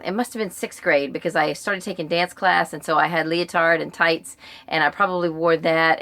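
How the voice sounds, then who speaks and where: A woman's voice: low voice, vocal fry, a bit bright. A middle-aged American woman casually answering a list of questions in her book vlog, chatty and rambling with frequent ums and uhs. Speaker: book vlogger.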